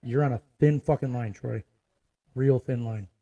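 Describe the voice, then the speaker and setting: A man delivering a profane, forceful rant to his viewers, repeating lines for emphasis. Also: mid-range voice, moderate pace, muffled recording. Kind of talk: ranting video monologue.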